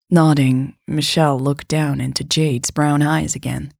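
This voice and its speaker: A woman narrating a story in a measured, even reading. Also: sits low, creaky, dry recording, clean studio sound.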